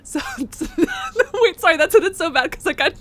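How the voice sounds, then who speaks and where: Streaming a game, a young woman in a very high voice chats casually and a little slowly, her pitch swinging hugely. She giggles, reads donations aloud, and yelps whenever something startles her, all as casual live commentary.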